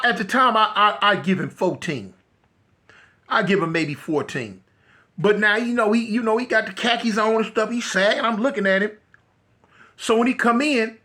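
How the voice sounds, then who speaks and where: A middle-aged man telling a story in a casual, animated way, acting out the voices of the people in it. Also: high-pitched. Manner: animated, acts out voices, repeats and restarts.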